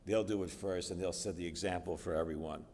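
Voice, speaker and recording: A man's voice: deep voice, steady tone, fairly quick, darkish tone, a little hiss or hum. A middle-aged man from the United States giving a personal testimony sermon in a church, telling his story conversationally with frequent fillers. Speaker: guest speaker. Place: church sanctuary. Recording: distant reverberant church hall.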